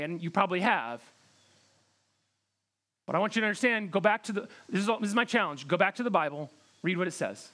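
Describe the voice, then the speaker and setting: A man's voice: high-pitched, lively intonation, a little fast, pauses often, sharp tone. A man preaching a sermon in an earnest, direct way, often repeating words for emphasis. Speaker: pastor.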